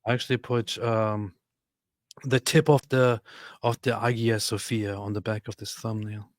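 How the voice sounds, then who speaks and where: Deadpan joking man on a livestream. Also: lowish voice, moderate pace, dry recording, studio quality. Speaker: co-host. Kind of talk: casual livestream chat.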